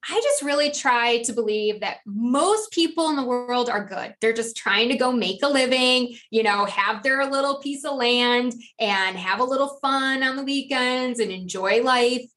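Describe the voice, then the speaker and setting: A middle-aged woman from New Jersey, a guest on a podcast, chatting casually and acting out quoted dialogue with lively jumps in pitch. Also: normal speed, few pauses. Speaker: podcast guest, author and life coach. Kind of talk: casual conversational interview.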